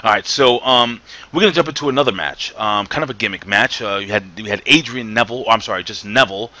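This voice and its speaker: Bright-voiced, opinionated male wrestling host. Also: medium pitch. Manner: enthusiastic, opinionated, many fillers and restarts. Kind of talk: casual review chat.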